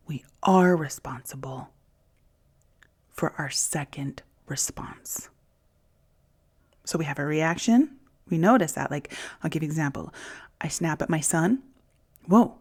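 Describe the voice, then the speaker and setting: A woman hosting a podcast, speaking in a candid, reflective monologue that often drops into soft whispers, with casual swearing. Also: deep voice, animated, slow, long pauses, slightly rough. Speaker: podcast host.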